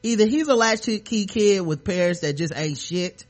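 Podcast host guy recapping an episode, cussing a lot, acts out the quotes, kinda high voice. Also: normal speed. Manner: profane, animated retelling with acted-out quotes. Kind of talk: casual chat recapping a TV episode.

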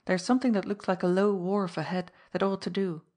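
A woman's voice: medium pitch, flat delivery, a little fast, darkish tone, natural voice. A woman reading a determined young adventurer. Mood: calm.

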